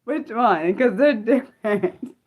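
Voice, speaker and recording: A young woman hosting an unscripted livestream, chatting excitedly with viewers and answering chat, with lots of fillers and restarts. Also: fairly high pitch, slow pace, breathy edge. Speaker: livestream host.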